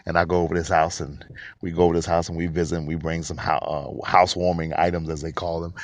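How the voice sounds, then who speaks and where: Deep-voiced emphatic man. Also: flat delivery, fast talker, dry recording. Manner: emphatic, repeats phrases for stress. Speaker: podcast host. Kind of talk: solo podcast monologue.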